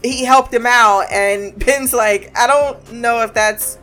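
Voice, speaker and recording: Animated woman recapping a TV episode. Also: a little high, slow pace, soft background music. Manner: animated, swearing, acts out characters' lines. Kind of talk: casual recap chat.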